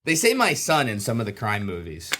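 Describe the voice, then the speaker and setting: Brief: lively male co-host from Jersey, bouncy pitch, quick to laugh. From New Jersey. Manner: lively, jokey, laughs a lot. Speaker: podcast co-host. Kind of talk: casual comedic chat.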